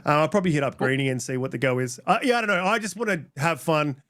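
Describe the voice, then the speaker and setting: A man hosts a laid-back podcast from home, talking in loose, rambling stretches full of ums. He slips into teasing banter with his co-hosts. His voice sits a touch high. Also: quick pace, a bit bright. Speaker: podcast host. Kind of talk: casual podcast chat. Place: home room.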